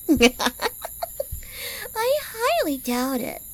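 A woman's voice: high-pitched, big pitch swings, slow, slight background noise, poor audio. A young woman with a girlish, little-girl-sounding voice, acting an audio role-play in a mocking, teasing manner with frequent laughs.

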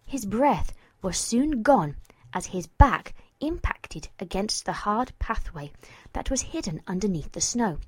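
Woman storybook narrator: slow, expressive, sometimes whispered; dry close recording. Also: mid-range voice, husky, no echo. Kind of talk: storybook reading.

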